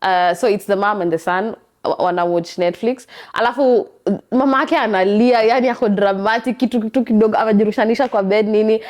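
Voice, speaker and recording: A young woman with a Kenyan accent talks to her listeners in a relaxed podcast monologue. She tells her story in a chatty, animated way, with a voice of middling pitch. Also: fast. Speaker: podcast host. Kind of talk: casual monologue.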